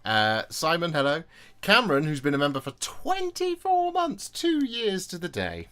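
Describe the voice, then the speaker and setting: A man's voice: fairly high pitch, wildly swooping pitch, moderate pace, fairly bright tone. A man hosting a casual livestream while building models, chatty and self-deprecating as he greets viewers. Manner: chatty, self-deprecating, reads chat aloud.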